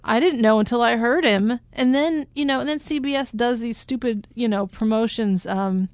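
A woman co-hosting a casual talk show, chatty and halting, laughing often between points. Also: fairly high pitch, no echo. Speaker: podcast co-host. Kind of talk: casual chat.

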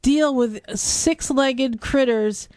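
Teasing woman podcast cohost, kinda high voice, casual chat, dead dry room. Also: drawn-out words, a little mellow, no echo. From United States. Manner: playful, teasing, laughs often. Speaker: podcast co-host.

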